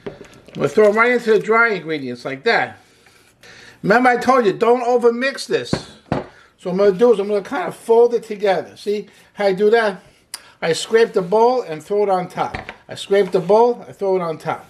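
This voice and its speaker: In a home kitchen, a man hosts a casual cooking demonstration, chatty and upbeat as he explains each step while working. His voice sits high, with slight background noise.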